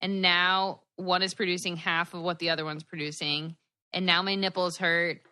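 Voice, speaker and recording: A woman co-hosting a podcast in casual chat over a video call, a tired new mother talking in a bubbly, animated way with lots of laughter. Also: fairly low pitch, moderate pace, smooth. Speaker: podcast co-host. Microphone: headphones on a video call.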